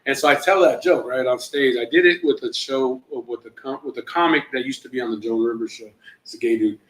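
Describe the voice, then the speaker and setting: A middle-aged man, a comedian, telling stories in loose, profane, animated fashion during a casual podcast chat. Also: medium pitch, a little fast, roomy sound, poor audio. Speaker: comedian guest.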